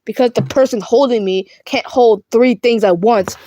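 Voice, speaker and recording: A young British woman puts on a playful skit at home, voicing two plush toys who bicker while she trips over words, restarts and rambles. Her voice sits on the high side with a dark tone, at normal speed, in a dry recording.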